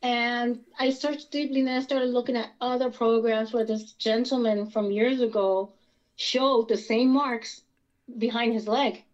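Woman, guest storyteller, fairly high voice, rambling and animated, dull lo-fi sound. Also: a little slow. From Pennsylvania. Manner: animated, rambling, many restarts. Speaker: guest experiencer. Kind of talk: casual interview storytelling.

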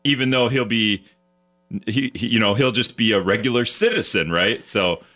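A man's voice: on the low side, lively intonation, normal speed, sharp tone. A man hosting a radio talk show in the studio, chatting casually and jokingly, rambling with restarts.

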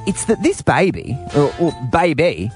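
A man hosting a late-night radio show, joking and bantering fast and cheekily. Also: on the high side, sing-song. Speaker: radio host. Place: radio studio. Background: faint music.

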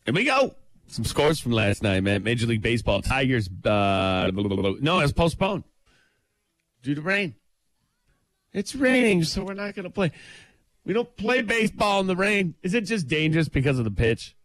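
A man co-hosting a morning radio show, ranting about sports in a lively, joking way. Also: on the high side, dry recording. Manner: lively, ranting, quick to laugh. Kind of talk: casual radio banter.

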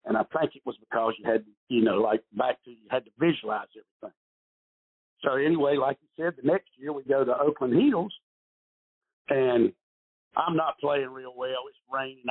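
A man's voice: medium pitch, normal speed, husky. An older man telling rambling golf stories in a podcast interview, with many restarts, heard over a phone line. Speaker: golf pro guest.

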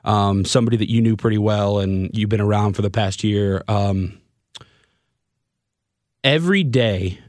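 A man in his twenties hosting a podcast, talking in a halting, stammering way and openly getting emotional in a candid conversation. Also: fairly low pitch, a little mellow, no echo, studio quality. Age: 20s. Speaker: podcast host and radio broadcaster.

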